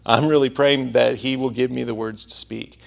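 A man's voice: mid-range voice, steady tone, normal speed, gravelly. A male preacher delivering a sermon, telling a personal story in a conversational manner.

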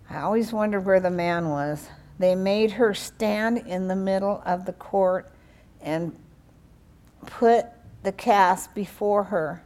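A woman preacher delivers her sermon at an unhurried pace, with her voice in a middle register. She prays fervently and reads scripture with strong emphasis on key words. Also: medium pitch, darkish tone. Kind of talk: sermon with prayer and scripture reading.

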